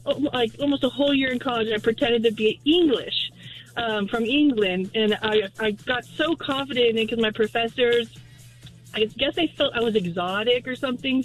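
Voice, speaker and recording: A woman calling in to a radio show, telling a story in a giggly, animated way. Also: on the high side, low-quality recording. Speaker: caller.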